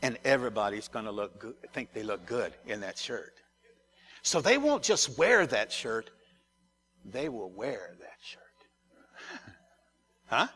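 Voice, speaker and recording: A man's voice: mid-range voice, big pitch swings, a little slow, fairly bright tone, husky. A man, a pastor, preaching a conversational sermon to his congregation, often repeating words and turning to the listeners.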